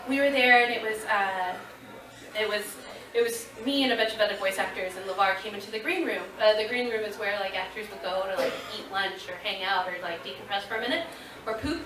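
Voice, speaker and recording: A woman in her thirties telling a lively story to a convention audience, laughing and acting out what people said. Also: mid-range voice, brisk, crowd noise. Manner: animated, laughing, acting out quotes. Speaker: convention panel guest. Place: convention panel room. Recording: echoey room, voice from far off.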